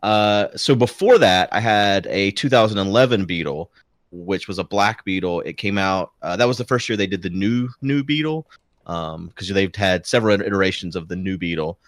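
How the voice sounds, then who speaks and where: Low-voiced man rambling as podcast guest. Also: animated, moderate pace, no room sound, studio quality. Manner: rambling, self-correcting, chuckles often. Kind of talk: casual chat.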